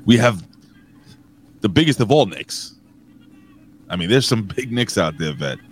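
A man co-hosting a casual podcast, joking loudly and giving shout-outs to viewers in the chat. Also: lowish voice, sing-song, a little slow, a little hiss or hum. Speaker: co-host.

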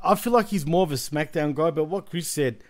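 Easygoing man with a higher voice. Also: fairly quick. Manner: easygoing, loose and unsure. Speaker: panelist. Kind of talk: casual chat.

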